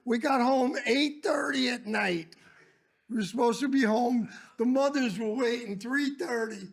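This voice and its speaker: An older man, a former teacher, telling animated stories in casual chat and raising his voice when he quotes people. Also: extremely high pitch, measured pace. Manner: animated, raises voice for quoted lines. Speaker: former schoolteacher guest. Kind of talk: casual storytelling.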